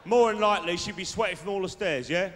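This is a live stand-up character act: a man voices a boastful South London lad full of tag questions and dating advice, sounding cocky throughout. He speaks quickly in a high register, with a lightly acted delivery. The large theatre and its audience come through as hall reverb with a little faint noise.

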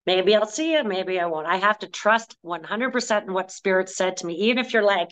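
Brief: woman clairvoyant guest, clear smooth voice, tells animated stories in an interview. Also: medium pitch, fairly quick, few pauses, poor audio. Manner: animated storyteller, acts out quoted voices. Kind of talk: conversational interview.

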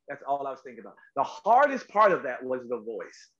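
A middle-aged male actor, a guest on a talk show, tells stories in a lively, emphatic way and acts out quotes. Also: on the high side, quick pace, hardly any pauses. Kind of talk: animated interview storytelling. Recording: slightly dull lo-fi audio.

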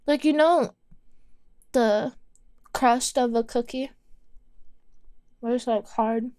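High-pitched teasing woman streamer. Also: slow, darkish tone, dry recording, studio quality. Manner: teasing, sarcastic, giggly, talks while eating. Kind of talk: casual gaming stream chat.

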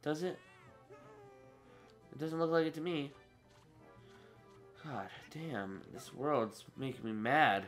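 A man's voice: on the high side, slow, pauses often, a bit bright. A teenage boy giving casual let's play commentary, talking to his viewers, getting frustrated and swearing. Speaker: gaming channel host. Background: game music.

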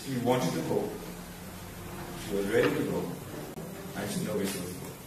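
A man giving a halting, emotional eulogy at a wake, often dropping quiet. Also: fairly low pitch, animated. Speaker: mourner giving a tribute. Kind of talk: spoken eulogy. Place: large church hall. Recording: echoey church from far off, noisy.

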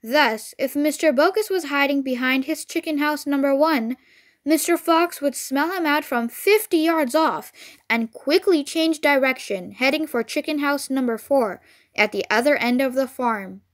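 A woman with a high, light voice reads a children's storybook aloud. She narrates clearly and with expression, in a read-along style. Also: moderate pace.

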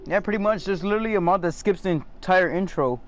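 A man streaming a game, chatting casually with his viewers, excitable and swearing a lot. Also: high-pitched, quick pace, slight background noise. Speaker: gaming streamer. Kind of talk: casual gameplay commentary.

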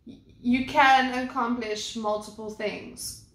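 A young woman giving a slow, unhurried oracle card reading, her voice bright and lifted a little high. She rambles, circles back and restarts often. The sound is echoey, as if recorded in a bare room. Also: steady tone. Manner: rambling, with many fillers and restarts. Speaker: tarot and oracle card reader. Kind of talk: casual spoken card reading.

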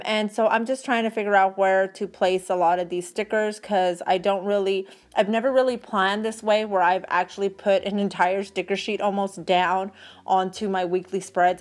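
A middle-aged woman with a Texan accent, chatting casually and rambling as she decorates her planner for a vlog. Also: medium pitch. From Texas. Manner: chatty, rambling, thinks aloud. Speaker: planner vlogger.

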